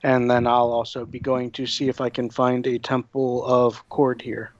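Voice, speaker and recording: A man playing a tabletop game, who speaks politely and in a measured way, with some fillers. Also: medium pitch, level tone, darkish tone. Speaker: player. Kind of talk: casual in-character play. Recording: slightly dull lo-fi audio.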